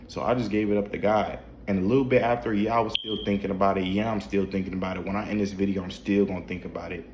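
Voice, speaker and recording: A faith vlogger speaks quickly in a low-pitched, darkish voice with fairly even intonation. In a dim room at home at night, he talks casually to camera about faith, repeating points, preaching, restarting, and asking rhetorical questions. The sound is roomy, with a little hiss or hum.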